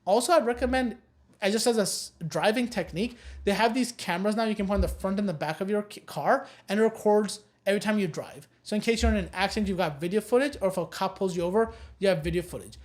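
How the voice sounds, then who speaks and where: A woman's voice: medium pitch, quick pace, a little mellow. A woman teaching a recorded know-your-rights course, giving blunt and emphatic advice and repeating her key warnings. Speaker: course instructor.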